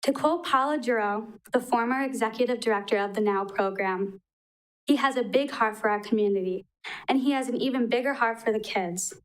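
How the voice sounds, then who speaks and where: A woman's voice: on the high side, fairly quick, low-quality recording. A young woman from Wisconsin reading an earnest prepared tribute at a council meeting podium microphone, a little emotional. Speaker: public commenter. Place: council chamber.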